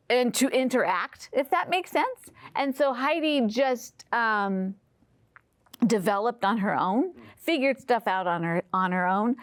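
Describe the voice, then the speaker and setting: A middle-aged woman in an interview, talking about her family in a hesitant way with many pauses and fillers. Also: on the high side, dry recording. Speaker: interviewee, mother of the guest. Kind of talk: personal interview.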